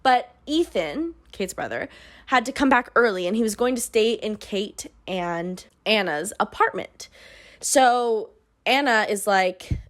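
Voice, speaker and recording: A woman at a mid-range pitch runs a book club recap in a casual, conversational way. Her tone is sarcastic throughout, and she drops dry asides between plot points. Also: lively intonation, unhurried, fairly bright tone. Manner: sarcastic, dry asides, swings into mock character voices.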